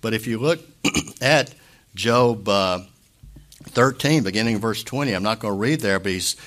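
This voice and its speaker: A man pastor giving an impromptu sermon, earnest and emotional, halting often to clear his throat. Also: lowish voice, a bit bright.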